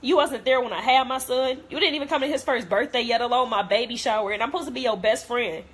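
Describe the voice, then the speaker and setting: Woman, 20s, high voice, blunt, cursing, hurt rant. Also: fast talker, breathy edge. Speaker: vlogger. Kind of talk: emotional to-camera rant.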